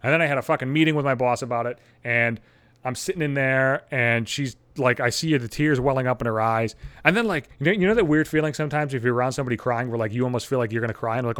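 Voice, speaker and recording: A young adult man telling stories in a blunt, profane, animated podcast rant. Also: mid-range voice, fast, no room sound. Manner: blunt, heavy swearing, animated. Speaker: podcast host.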